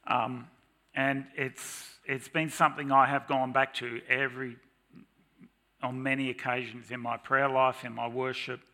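Man preaching, middle-aged, bright tense voice, animated delivery, church sermon. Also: mid-range voice, unhurried. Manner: animated, mock-shouting and singing to make points.

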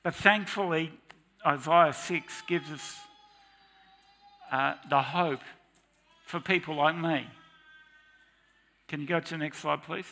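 Slow, gravelly man preaching a sermon. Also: a little high, bright, forceful tone. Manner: earnest, confessional. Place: church with slides.

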